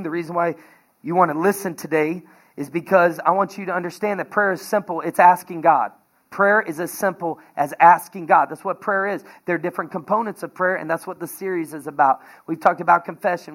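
A man preaching a sermon as pastor, energetic and conversational, telling everyday stories with laughter. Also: high-pitched.

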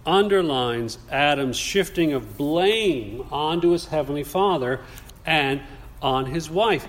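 A man preaching a sermon in a measured, deliberate way, putting rhetorical questions to his congregation. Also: on the high side, lively intonation. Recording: long reverb of a large hall.

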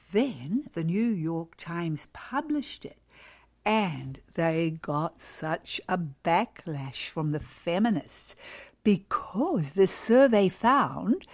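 A woman's voice: lowish voice, darkish tone. Emphatic woman giving a devotional talk. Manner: emphatic, exhorting, acts out quoted replies. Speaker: speaker addressing mothers.

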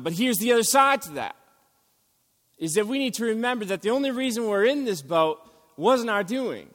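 A man's voice: high-pitched, lively intonation, moderate pace, fairly bright tone, long reverb tail. A man preaching a sermon as pastor, earnest and rising for emphasis. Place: church sanctuary.

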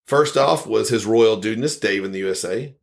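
A man's voice: fairly low pitch, a little fast, gravelly. A man hosting a podcast, reading listener comments aloud in a casual, rambling way and chuckling often. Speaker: podcast host.

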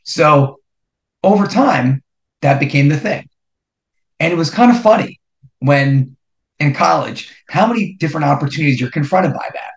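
Animated middle-aged storyteller man. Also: on the high side, normal speed, creaky, long pauses. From New Jersey. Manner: animated, builds suspense with repeated rhetorical questions. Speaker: podcast host. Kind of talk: personal storytelling. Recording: roomy echo.

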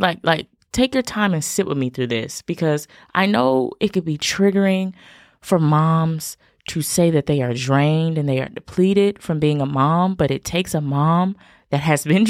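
A woman's voice: low-pitched, lively intonation, unhurried, darkish tone, no echo, clean studio sound. A young woman hosting a podcast, chatting casually and encouraging her listeners directly. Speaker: podcast host.

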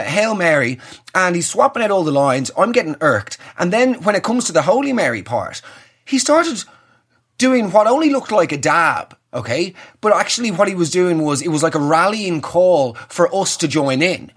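A man's voice: high voice, very animated, normal speed, fairly bright tone, breathy edge. A young Irish man telling a comic story with sweary, exasperated ranting. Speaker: comedian.

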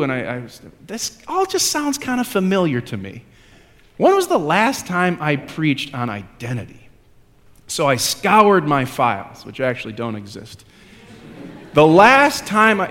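High-voiced male pastor in a hall. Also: a bit bright. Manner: conversational, self-deprecating, builds to emphatic repetition. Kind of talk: sermon.

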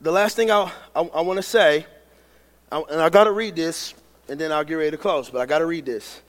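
A man preaching a sermon, reading scripture and building to shouted, emphatic preaching. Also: fairly high pitch, a little fast. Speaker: pastor. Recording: long hall reverb.

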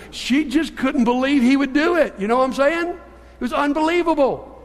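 High-voiced man preaching in a hall. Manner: animated storyteller, shifting between hushed and emphatic. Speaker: pastor. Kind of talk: sermon with storytelling.

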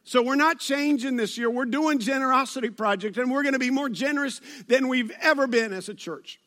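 A man's voice: very high voice, brisk, pushed and bright. A man preaching a sermon to his church, talking conversationally and joking with the congregation. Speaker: pastor. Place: church service.

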